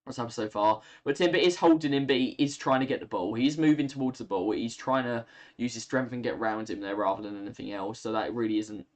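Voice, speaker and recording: A tired young man yawns his way through a live football watch-along on a stream, chatting to his viewers and reacting to the play. He talks fast in a mid-range voice with a slightly mellow tone.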